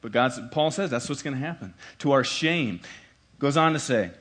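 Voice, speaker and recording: A man's voice: mid-range voice, lively intonation, moderate pace, a bit bright. A man, a pastor, preaching a sermon in a conversational way and repeating key lines for emphasis.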